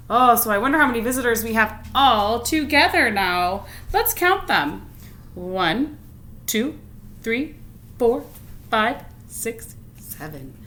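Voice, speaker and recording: A woman reads a picture book aloud to children, stopping often to ask questions. Her voice is bright and swoops up and down. She takes her time over each line. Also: on the high side. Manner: animated, asks listeners questions. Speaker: read-aloud teacher. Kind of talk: storytime read-aloud for children.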